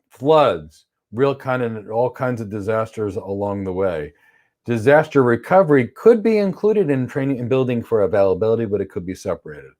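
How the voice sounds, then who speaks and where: A man with a lowish, slightly mellow voice teaches a cloud certification course on a livestream. He reads viewer questions aloud and answers them bluntly with strong opinions, acting out examples in playful voices.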